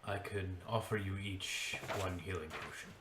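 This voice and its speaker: A man's voice: low voice, reverberant, heavy background noise, natural voice. A man voicing an aloof, dry-witted father to a grown child during a tabletop game. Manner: dry, unhurried, deadpan. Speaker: game master.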